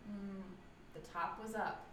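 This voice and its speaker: A woman's voice: medium pitch, fairly even intonation, a little slow. A young woman in casual chat who shares opinions with enthusiasm and meanders as she goes. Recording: distant mic in an echoey room with clear noise.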